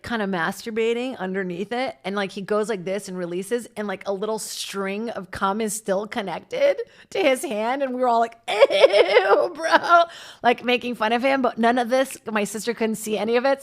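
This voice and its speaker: A woman in her thirties hosting her own podcast, telling rambling self-deprecating stories in a casual comedy monologue. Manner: rambling, self-deprecating, breaks into laughter, lively jumps in pitch. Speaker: podcast host and stand-up comic.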